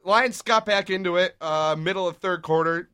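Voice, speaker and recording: A young man hosting a casual sports talk show, upbeat and leading the conversation with quick game recaps. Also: sits high, a crowd in the background. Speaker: podcast host.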